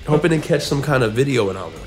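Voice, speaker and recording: A man's voice: medium pitch, big pitch swings, rapid-fire, darkish tone. Rambling storytelling man, music faint behind. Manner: rambling storyteller, repeats words. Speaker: podcast co-host. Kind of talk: casual podcast chat.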